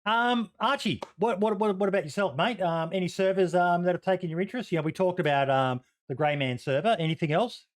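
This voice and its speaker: A man's voice: sits high, fairly quick, few pauses. A man hosting a podcast, chatting casually with many ums as he puts questions to his guests. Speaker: podcast host. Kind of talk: casual chat.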